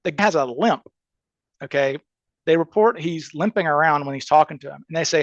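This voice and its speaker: A man guesting on a podcast, telling a long story casually with plenty of restarts and acted-out quotes. His voice sits a bit high with a gravelly fry. The sound is dry and somewhat dull, like a lo-fi recording. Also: a little fast, no echo. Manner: animated, acts out quoted voices, frequent restarts. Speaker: podcast guest, criminal defense attorney.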